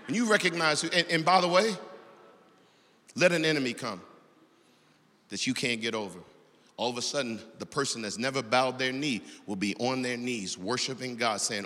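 Bright-voiced man preaching in a hall. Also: mid-range voice, moderate pace, pauses often. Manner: swings from loud animated exhortation to hushed storytelling. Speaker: pastor. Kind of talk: sermon. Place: church auditorium. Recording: long reverb of a large hall.

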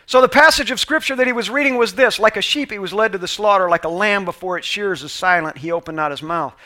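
High, bright-voiced man preaching. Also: fast talker. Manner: impassioned preaching, swinging between loud calls and quiet asides. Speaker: pastor. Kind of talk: sermon.

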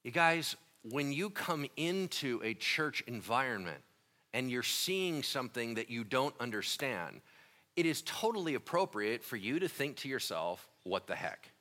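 A man preaching a sermon in a casual, slangy, conversational way, swinging between quiet stretches and loud, emphatic ones. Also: mid-range voice, big pitch swings, a little slow. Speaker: pastor.

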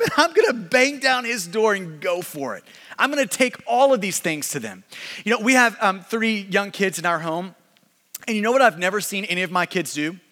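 Male pastor in his 30s, bright forceful voice, goes from loud to hushed, big church reverb. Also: high-pitched. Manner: animated preaching, swinging from loud to hushed. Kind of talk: sermon. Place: church sanctuary. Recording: long reverb of a large hall.

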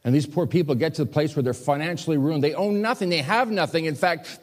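A man preaching a sermon as pastor, telling stories with lively acted-out quotes. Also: fairly high pitch, brisk, hardly any pauses. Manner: animated storytelling with acted quotes. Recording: long hall reverb.

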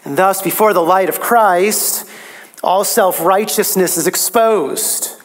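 A man preaching a sermon, emphatic, his pitch rising on key phrases. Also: takes it slowly.

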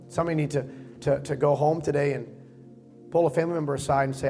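Soft-spoken pastor praying over music. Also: male voice, fairly high pitch, fast, creaky. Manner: leads prayer softly, voices the congregation's confessions quietly. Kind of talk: sermon and altar-call prayer.

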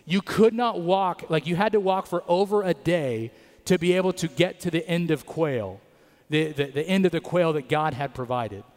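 A man with a fairly high voice preaches to his congregation, keeping it conversational with little tag questions. He acts out scripture and God's replies playfully, and his voice rings with the long reverb of a big sanctuary. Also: normal speed, darkish tone. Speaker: pastor. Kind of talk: sermon.

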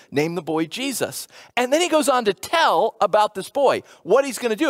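A man preaching a sermon, retelling a Bible story in a lively storytelling way with colloquial paraphrase and quick acted-out quotes. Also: high voice, no echo, studio quality. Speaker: pastor.

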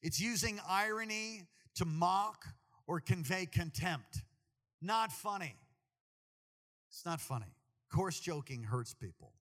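A man preaching a sermon to a congregation, animated and jokey, talking straight to the people in the church. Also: high voice, slow pace, long pauses, in a large hall. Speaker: pastor.

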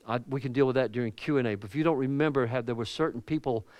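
A pastor with a Southern US accent preaching a sermon in a conversational way, with asides and questions to the congregation. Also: male voice, mid-range voice, rapid-fire, a little mellow, no room sound, dull audio. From American South.

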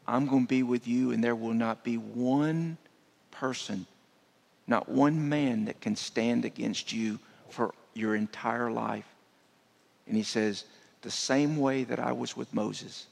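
A man preaching a sermon as a guest speaker, dropping to a hushed voice to make his points. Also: medium pitch, creaky. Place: church sanctuary. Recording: long church hall reverb.

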